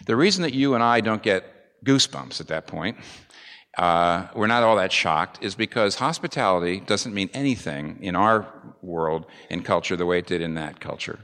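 A man's voice: deep voice, lively intonation, moderate pace, a bit bright. A man preaching a sermon as a pastor, earnest and building to emphatic peaks. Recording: long reverb of a large hall.

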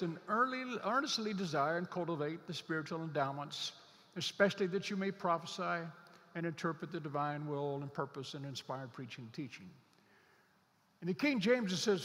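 Male pastor, slightly high voice, earnest sermon delivery with drawn-out emphasis; long hall reverb. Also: fairly bright tone. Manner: earnest, stretches out key scripture words for emphasis.

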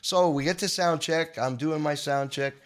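Animated, self-described manic older man. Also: a little high, normal speed. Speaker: guest guitarist. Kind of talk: emotional storytelling on a podcast.

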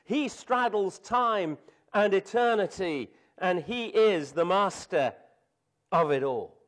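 Slow, high-voiced male preacher. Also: animated. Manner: slow, deliberate preaching with dramatic drops to a hush and emphatic rises. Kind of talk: sermon.

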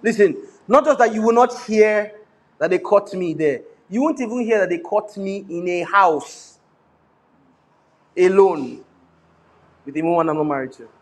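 Animated Nigerian man preaching, high voice. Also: normal speed, pauses often. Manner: animated preaching, switches into pidgin, laughs often. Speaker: pastor. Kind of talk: sermon.

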